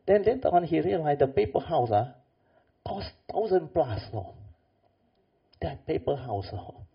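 A man's voice: mid-range voice, unhurried, vocal fry, pauses often, husky. Older man telling a story, lo-fi. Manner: animated storyteller, acts out quoted voices. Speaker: Buddhist meditation teacher. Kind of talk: storytelling dharma talk. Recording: dull lo-fi class recording.

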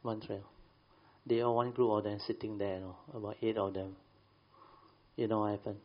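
A man's voice: fairly low pitch, flat delivery, normal speed, dull audio. A man telling a rambling story to a group, with many fillers and colloquial grammar. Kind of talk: casual storytelling.

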